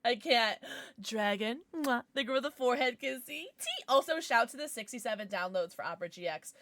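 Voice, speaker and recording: A woman's voice: on the high side, expressive, brisk, fairly bright tone. A woman hosting a casual livestream, bubbly and chatty as she greets her viewers by name and blows them kisses. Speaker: livestream host.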